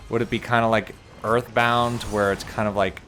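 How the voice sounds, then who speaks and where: A man's voice: on the low side, normal speed, faint music behind. A man playing through a game on a let's play, chatting casually and telling stories with laughter. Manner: animated storytelling, laughs, mimics people. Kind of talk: casual gaming commentary.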